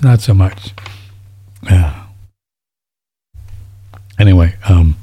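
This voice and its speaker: A man's voice: low-pitched, slow pace, long pauses, dark tone, slightly rough. A man hosting a show, reading listener emails in a rambling, folksy, casual way, easily moved to tears. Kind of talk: casual chat.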